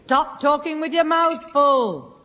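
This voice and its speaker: A woman playing a firm middle-aged mother who scolds briskly in a 1960s radio comedy. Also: sits high, lively intonation, sharp tone, exaggerated voice. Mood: scolding. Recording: hissy old radio broadcast with reverb.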